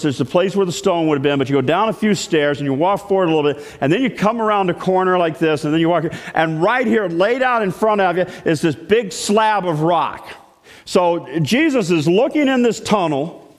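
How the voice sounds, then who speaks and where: A man preaching a sermon in a church sanctuary, his voice set a little high for a man. He tells the story with animation, sinking to quiet lines and then calling out loudly. A long hall reverb trails after his words. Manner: storytelling, animated, shifts between hushed and loud. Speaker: pastor.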